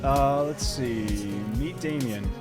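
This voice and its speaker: A man from New York with a New York accent, excitedly commenting and swearing while streaming a game and reading chat aloud. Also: medium pitch, takes it slowly, loud music behind the voice. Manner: excitable, swears, reads lines aloud in put-on voices. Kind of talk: casual let's-play commentary.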